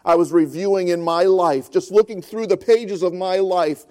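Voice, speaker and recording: A man in his fifties preaching a sermon as pastor, earnest, rising in force and then dropping to a soft, slow hush. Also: high-pitched. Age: 50s.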